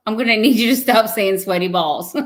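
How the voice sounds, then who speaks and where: A young woman who is pregnant speaks at a moderate pace in a mid-range voice. She hosts a casual live chat, reading comments aloud and teasing her viewers playfully amid frequent laughter.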